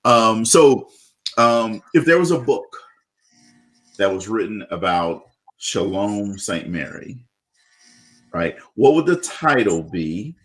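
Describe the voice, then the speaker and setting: A man with a low, deep voice hosts a casual interview. He talks in an upbeat, chatty way, leaning on fillers and restarting his sentences. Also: big pitch swings, slow pace, pauses often. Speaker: show host.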